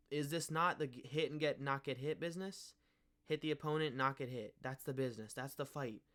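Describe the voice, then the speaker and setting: A man's voice: mid-range voice, sharp tone, clear, resonant tone. A young man giving casual, mocking commentary on fighters, full of slang and swearing. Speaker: MMA commentary YouTuber.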